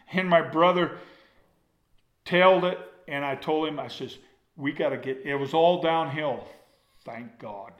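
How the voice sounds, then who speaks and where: An older man tells a rambling, folksy story to a gathered audience, acting it out with his hands. His voice sits a little high for a man. It rings with a noticeable room echo. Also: unhurried, long pauses. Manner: folksy, rambling, acts out with gestures.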